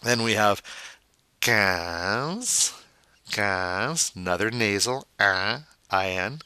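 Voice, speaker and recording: A man teaching French vocabulary, modeling each word slowly and repeating it, with playful asides. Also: lowish voice, pushed and bright, clean tone, dry recording. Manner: slow, drawn-out model pronunciations with repetition. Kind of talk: vocabulary pronunciation lesson.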